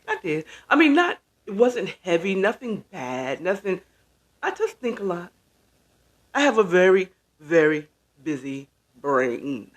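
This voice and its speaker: High-voiced slow-talking male host. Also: a bit bright. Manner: slow, easygoing, greets viewers by name. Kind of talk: casual live-stream chat. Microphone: camera setup with ring light.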